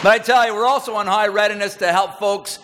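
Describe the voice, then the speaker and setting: A man's voice: high voice, steady tone, fast talker, a loud crowd, heavy background noise. A middle-aged man, a senior military leader giving a folksy, conversational speech to an audience. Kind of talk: public speech with anecdotes. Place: large hall with audience. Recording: reverberant hall.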